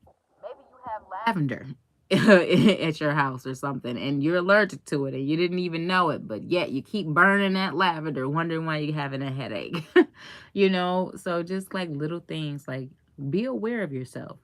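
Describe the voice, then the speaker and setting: Young female life coach, low voice, chatty and laughing, talking straight to her audience in a dry room. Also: animated, normal speed, no echo. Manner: chatty, laughs often, acts out quotes. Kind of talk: casual chat to a live audience.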